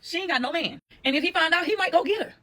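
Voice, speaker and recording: A woman telling a personal story in a blunt, profane, animated way, addressing her viewers directly. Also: very high-pitched, fast talker. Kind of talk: casual storytime monologue.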